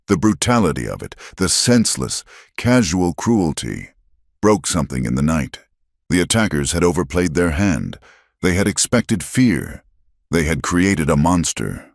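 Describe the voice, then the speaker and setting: A man tells a western story in scripted narration. His voice is extremely low, with a husky grain. The reading is grave and measured. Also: big pitch swings, dry recording, studio quality.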